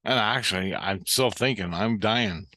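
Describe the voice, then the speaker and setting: Guy rambling thru a dream story, swears a lot, sharp bright voice. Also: on the low side, unhurried, no room sound, clean studio sound. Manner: rambling and heavily profane. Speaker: vlogger recounting dreams. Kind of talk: casual storytelling monologue.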